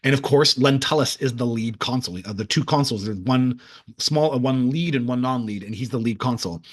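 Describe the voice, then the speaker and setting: A man hosting his own video, telling a rambling story in a halting way with many restarts. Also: mid-range voice. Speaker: video host. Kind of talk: casual storytelling monologue.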